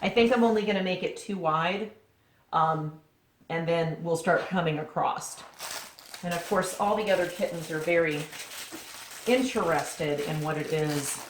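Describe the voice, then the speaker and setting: Chatty woman, low-pitched, home vlog in an echoey room. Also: measured pace. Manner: chatty, jokey, talks to the camera and her cats. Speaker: vlogger. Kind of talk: casual chat. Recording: echoey room, faint noise.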